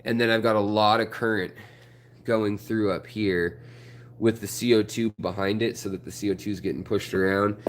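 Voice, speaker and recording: A man with a slightly low voice talks casually to his camera about fish keeping, rambling and joking with plenty of fillers. He speaks from his home fish room beside the tanks, picked up by the camera's mic. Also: steady tone, moderate pace, a little hiss or hum. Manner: rambling, jokey, lots of fillers. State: out of breath. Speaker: aquarium channel host.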